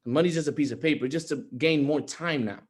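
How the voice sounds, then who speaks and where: A man's voice: a little high, brisk. A young man giving an earnest motivational talk on a group call, repeating his points and growing emphatic. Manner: earnest, repetitive, rising to emphatic.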